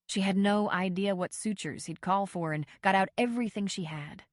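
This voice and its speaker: A woman reading a novel aloud as an audiobook narrator, steady and measured. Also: medium pitch, dry recording, studio quality. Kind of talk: scripted narration.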